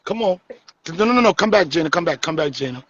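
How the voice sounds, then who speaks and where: A man's voice: fairly high pitch, expressive, fast talker, fairly bright tone, lo-fi sound. A man hosting a live stream, joking and teasing his guests in casual, profane comedic chat.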